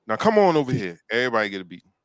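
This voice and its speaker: A man's voice: medium pitch, sing-song, rapid-fire, clear, resonant tone, dry recording, clean studio sound, pitched below the performer's own voice, close to an everyday voice. A man voicing a strict, fussy old grandmother who nags children about her good furniture. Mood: scolding. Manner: nagging, protective of her furniture.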